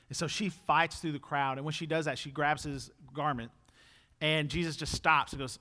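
A man's voice: a little high, steady tone, fast, sharp tone, clear, resonant tone. A young man preaching a sermon in a conversational way, rising to emphatic peaks when he drives a point home.

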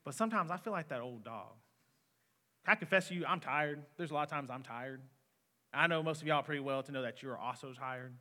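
A man's voice: medium pitch, fast talker, sharp tone. A man in his twenties preaching an earnest, conversational sermon as a student pastor in a church hall. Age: 20s. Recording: long reverb of a hall.

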